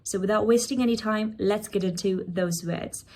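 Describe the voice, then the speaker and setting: A woman's voice: medium pitch, a little mellow, a little hiss or hum. A woman teaching English pronunciation, modelling words one at a time and asking the listener to repeat after her. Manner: repetitive drill, modelling words slowly. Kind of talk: pronunciation lesson.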